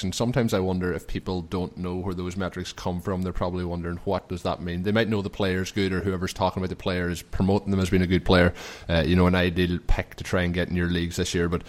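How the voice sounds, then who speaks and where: A man hosting a podcast, talking in a measured, analytical way. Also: low-pitched. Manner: measured, analytical, explains at length. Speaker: podcast host. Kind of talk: casual podcast chat.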